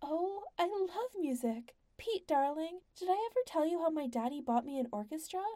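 A woman voicing a spoiled, gushing rich noblewoman who pouts and squeals demands in a high, girlish voice. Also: lively intonation, moderate pace, mellow, no room sound, studio quality. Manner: pouting, squealing, childishly demanding.

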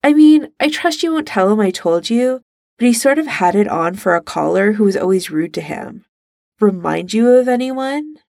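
A woman voicing a bold, teasing young woman, her lines pitched higher than her narration, in a fan fiction reading. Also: expressive, moderate pace, vocal fry, a little mellow, dry recording, clean studio sound. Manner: teasing and emphatic. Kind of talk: fan fiction read aloud.

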